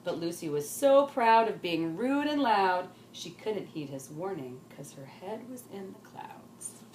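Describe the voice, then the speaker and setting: A woman teacher reading a rhyming children's story aloud in an animated, sing-song way. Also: lowish voice, a little slow, a little hiss or hum. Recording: roomy echo.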